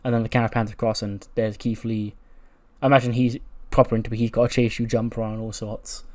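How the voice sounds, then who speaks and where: A man's voice: lowish voice, level tone, fast, a little mellow. A man narrating his wrestling-sim playthrough in a loose, conversational way. He laughs along at his own storylines. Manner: chatty, laughs often. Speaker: game commentator. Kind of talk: casual let's-play narration.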